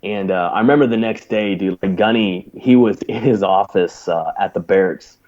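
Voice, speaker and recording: A man's voice: deep voice, moderate pace, lo-fi sound. A man who is a former navy corpsman, telling a long war story as a podcast guest, swearing freely and laughing as he goes. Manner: profane, animated, laughs while telling. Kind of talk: casual storytelling.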